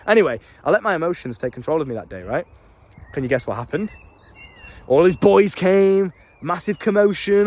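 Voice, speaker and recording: A man's voice: fairly high pitch, lively intonation, a little fast. A young man with a British accent, telling stories to camera in a casual way, swearing freely and using street slang. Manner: brash, laughs at his own stories. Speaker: life coach.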